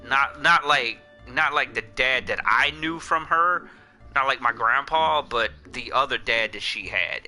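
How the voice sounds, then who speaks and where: A man streaming live, venting about a falling-out in blunt, foul-mouthed bursts. His voice is very bright and forceful, with faint music playing behind him. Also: mid-range voice. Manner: blunt, profane, heated ranting. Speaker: livestream host. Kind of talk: casual livestream storytelling.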